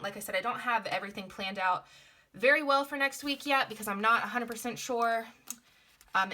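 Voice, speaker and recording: A young woman talks through her planner setup in a relaxed, rambling way, with lots of "um"s along the way. Her voice is bright and sits a bit high, and her nose is stuffed up from a cold. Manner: chatty and rambling, with frequent fillers. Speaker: planner vlogger. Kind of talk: casual plan-with-me chat.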